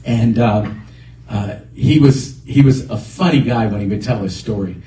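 A man pastor preaching a sermon in a church, animated, often calling out praise. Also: on the low side, unhurried, reverberant, far from the mic, slight background noise, low-quality recording. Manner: animated, repeats exhortations.

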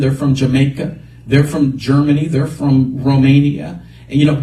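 A man pastor preaching a sermon in a church, animated, often calling out praise. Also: mid-range voice, echoey room, far from the mic, low-quality recording. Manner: animated, repeats exhortations.

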